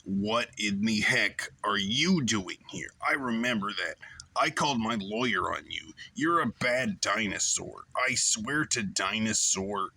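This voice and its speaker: A man's voice: lowish voice, expressive, a little slow, vocal fry, pushed and bright, full character voice. A man voicing an indignant, whiny man who rambles childish complaints at a dinosaur.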